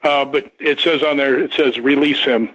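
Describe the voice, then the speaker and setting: A man's voice: on the high side, little pitch movement, moderate pace, a bit bright. Rambling older man telling a story. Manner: rambling, restarts and repeats words. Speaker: guest, stunt performer. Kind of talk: casual radio interview storytelling. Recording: dull lo-fi radio sound.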